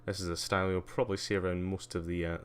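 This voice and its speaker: A man's voice: low-pitched, little pitch movement, quick pace, slight background noise. A man giving a casual live-stream tour, rambling with lots of ums and uhs and wry asides. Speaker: livestreamer.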